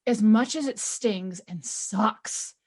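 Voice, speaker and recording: A woman's voice: medium pitch, slow pace, darkish tone. A woman hosting a podcast as a leadership coach, speaking in an emphatic, affirming way. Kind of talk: conversational interview.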